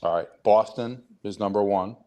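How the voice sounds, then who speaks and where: Opinionated low-voiced sports co-host. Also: male voice, normal speed. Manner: lively, opinionated. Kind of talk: casual chat.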